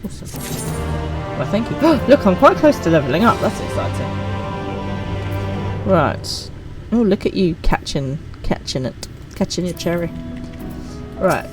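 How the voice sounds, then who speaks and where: A woman's voice: on the low side, very animated, measured pace, music in the background, rough recording. A woman streaming a game, chatting casually and teasing herself. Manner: chatty, self-mocking. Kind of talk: casual gameplay commentary.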